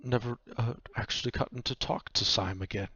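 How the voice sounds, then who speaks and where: A man voicing a weary witch who talks softly and haltingly, on a dull, dry, lo-fi recording. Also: medium pitch, steady tone, husky, dry recording, voice pushed up. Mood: gentle. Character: weary witch, gently reproachful.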